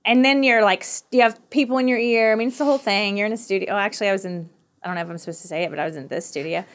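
Chatty Southern woman telling stories. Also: medium pitch. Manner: chatty and laughing, quick-talking storyteller. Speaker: podcast guest. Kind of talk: casual conversational interview.

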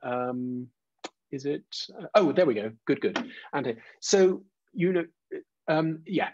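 Male webinar presenter, husky voice, lots of fillers, dry lo-fi call audio. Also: fairly high pitch, lively intonation, takes it slowly, darkish tone, dry recording. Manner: frequent "uh" and "um", restarts; taps out rhythms aloud. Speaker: presenter leading a teacher training webinar. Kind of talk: informal online lecture.

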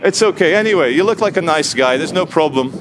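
A man's voice: a little high, fast, slight background noise. A man filming in a city street, cheekily arguing with security staff about his right to film. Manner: cheeky, argumentative, animated. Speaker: street filmmaker. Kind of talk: confrontational street chat. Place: outdoors in a city plaza.

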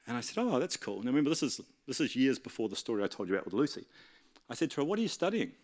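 Guy preaching in church, telling a story, acts out voices, mid pitch. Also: very fast. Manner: animated storyteller, acting out dialogue. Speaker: pastor. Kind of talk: storytelling sermon.

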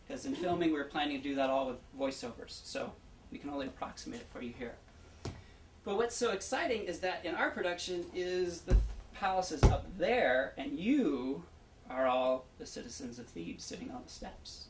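In a roomy, distant recording with a faint hum, an actor casually introduces the show, speaking directly to the crowd and recounting the backstory. His voice sits on the high side, animated, at a normal speed.

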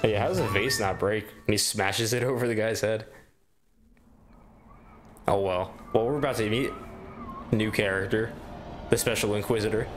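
A man's voice: lowish voice, normal speed, long pauses. A man chatting casually and joking as he streams a game's cutscenes. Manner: chatty, joking, laughs often. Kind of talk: casual commentary over cutscenes. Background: faint game music.

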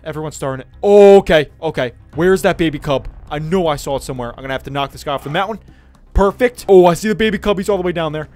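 A young man hosting a game video, excitable commentary that jumps from yelps to whispers. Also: on the high side, quick pace, faint music behind. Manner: excitable, yelps and shouts when attacked, drops to whispers when sneaking. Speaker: gaming channel host.

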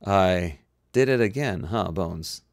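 A man's voice: sits low, animated, slow pace, creaky, no room sound, studio quality, exaggerated voice. A man voicing a male starship captain who speaks in short, commanding bursts. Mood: terse. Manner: terse, commanding.

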